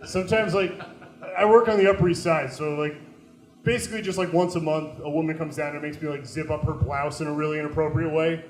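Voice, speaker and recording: Young man, stand-up comedian, deadpan storyteller, echoey room. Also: on the high side, fairly quick. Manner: deadpan storytelling, breaks into loud put-on voices. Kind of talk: stand-up set. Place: small comedy venue.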